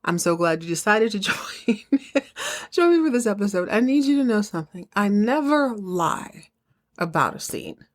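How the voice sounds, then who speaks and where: A woman hosting a podcast, telling a comic episode recap in an animated, chatty way with laughter. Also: mid-range voice, normal speed. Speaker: podcast host.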